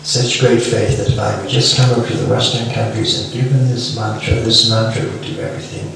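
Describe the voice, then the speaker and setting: Middle-aged guy giving a devotional talk, lowish voice, chants softly, sounds far off in a big echoey room. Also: little pitch movement, brisk, vocal fry, crowd noise. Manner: chants the mantra softly between remarks; asks the listeners questions. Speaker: devotional speaker. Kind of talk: devotional lecture with storytelling. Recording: echoey room, far from mic, faint hiss.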